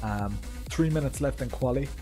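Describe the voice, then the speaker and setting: A man's voice: medium pitch, normal speed, dark tone. Chatty Irish man streaming a race. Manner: chatty, rambling, lots of ums and asides to viewers. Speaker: sim racing streamer. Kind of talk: casual live-stream chat. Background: faint background music.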